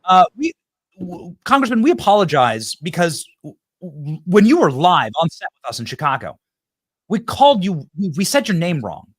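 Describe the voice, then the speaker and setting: Animated joking male show host. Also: high voice, normal speed, dry recording, studio quality. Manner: joking, animated, teasing crew. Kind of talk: live political show chat.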